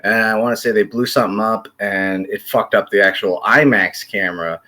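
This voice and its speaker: Rambling, low-voiced male vlogger. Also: brisk, pushed and bright. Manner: rambling, lots of fillers and swearing. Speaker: YouTube commentary host. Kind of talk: casual vlog chat.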